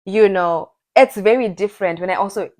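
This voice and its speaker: A young woman from Zimbabwe co-hosting a podcast in casual chat, animated and emphatic, often laughing. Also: mid-range voice, brisk. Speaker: podcast co-host.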